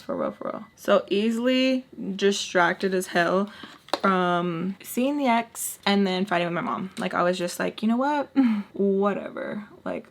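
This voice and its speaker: Young woman, storytime vlogger, sassy, animated, casual makeup chat, middle pitch. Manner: animated, sassy, acts out quotes with asides.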